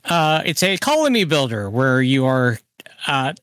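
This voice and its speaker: A man's voice: medium pitch, sing-song, a little slow, fairly bright tone, clear, resonant tone, dry recording, clean studio sound. A man in a casual podcast chat, enthusiastically recommending with many fillers.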